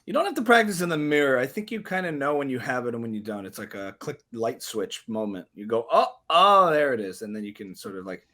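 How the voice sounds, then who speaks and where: A man's voice: medium pitch, fast, hardly any pauses, a bit bright. A man who is a comedian guest on a podcast. He chats casually and loosely, with many fillers.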